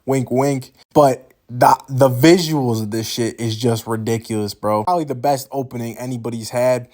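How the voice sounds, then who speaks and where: A young man hosting a manga recap channel, telling the story in excited, slang-filled casual commentary. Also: mid-range voice, normal speed. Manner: excitable and slangy, often trailing off quietly.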